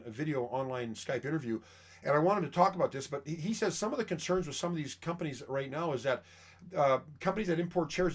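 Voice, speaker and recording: A middle-aged man from Canada, a chiropractor and massage chair dealer, rambling chattily in a casual monologue full of fillers. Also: medium pitch.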